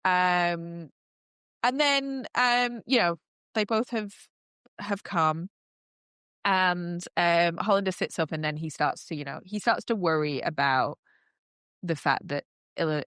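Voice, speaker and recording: Woman podcast host, gushing casual recap, smooth voice, dry close sound. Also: fairly low pitch, takes it slowly, pauses often, a bit bright, no echo. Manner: gushing, full of "like" and "um" fillers.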